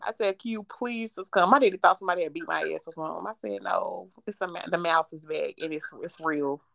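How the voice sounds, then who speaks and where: A woman co-hosting a podcast, telling a story in a profane, animated way and laughing as she goes. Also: low-pitched, quick pace, vocal fry, no room sound. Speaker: podcast co-host. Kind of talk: casual storytelling chat.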